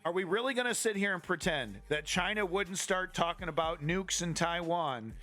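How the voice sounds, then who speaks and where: A man rants on a live stream with a slightly high, forceful voice. He swears freely and stays flippant, stumbling and restarting his sentences. Faint music plays underneath. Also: normal speed. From Canada. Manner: profane, flippant, repetitive restarts. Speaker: political commentary streamer. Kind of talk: live-streamed political rant.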